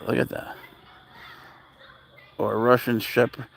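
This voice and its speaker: A man with a gravelly, creaky voice talks off the cuff on a live stream while outdoors in a park. He rambles bluntly and swears freely, answering viewers' messages as he goes. His pitch sits in an ordinary middle range. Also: level tone, a little slow. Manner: answers chat messages aloud. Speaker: livestreamer walking his cat. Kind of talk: casual livestream chat.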